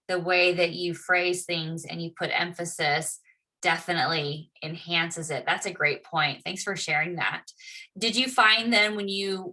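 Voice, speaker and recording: A woman's voice: on the low side, bright, forceful tone. A woman teaching public speaking, explaining and encouraging her students. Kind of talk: class lesson.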